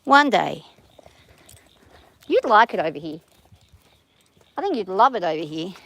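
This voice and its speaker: Recorded with no room sound, this mid-range, slightly bright, gravelly voice has a sing-song lilt and a measured pace. She's a middle-aged Australian horse owner, vlogging casually in an outdoor arena as she lunges her horse and gives it brief commands.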